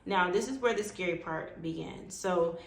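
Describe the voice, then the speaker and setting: A woman vlogger telling a personal story in a lively way, acting out what others said. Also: fairly low pitch, moderate pace, creaky. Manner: animated, acts out quoted dialogue. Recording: echoey room with faint background noise.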